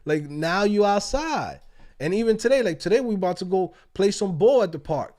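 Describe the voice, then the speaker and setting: A man hosts a casual livestream from outdoors. His speech is animated and full of profanity and quick laughs. His pitch jumps high when he acts out other people. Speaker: livestream host.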